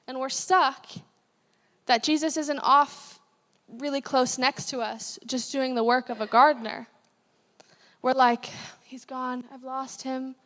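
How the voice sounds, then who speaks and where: A woman's voice: high voice, a bit bright. A young woman giving a casual, chatty sermon as a guest speaker, with many fillers. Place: church hall. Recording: long hall reverb.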